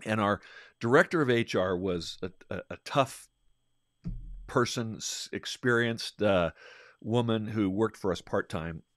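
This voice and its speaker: Low-voiced man telling a workplace story. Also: measured pace, a bit bright, dry recording, studio quality. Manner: rambling, restarts and acts out quotes. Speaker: podcast host, leadership trainer. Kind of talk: conversational storytelling.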